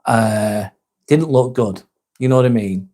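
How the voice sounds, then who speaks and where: A man's voice: medium pitch, unhurried, mellow. A man with a Northwest English accent hosting a casual live vlog, chatting loosely, reading viewer comments aloud and swearing now and then. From Northwest England. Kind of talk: casual livestream chat.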